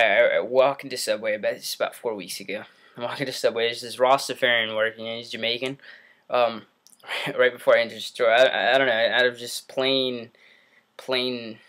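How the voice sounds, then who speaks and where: A man's voice: medium pitch, fairly bright tone. A young man talking to his computer in his bedroom, rambling and laughing as he tells a story on his vlog. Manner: rambling, self-interrupting, laughs often. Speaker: vlogger. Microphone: computer mic.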